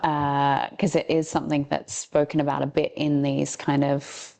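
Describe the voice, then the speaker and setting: A woman guest on a spiritual podcast talks in a low voice. She pauses often and searches for her words as she explains herself. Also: flat delivery, creaky, darkish tone. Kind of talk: casual spiritual chat.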